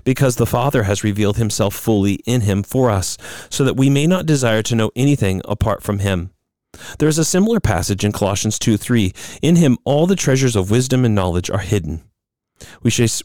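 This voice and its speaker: A male pastor preaching a sermon in a lowish voice, alternating between reading passages aloud and explaining them earnestly. He often restarts his sentences as he speaks off the cuff. The sound is close and dry, with no room echo. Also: darkish tone.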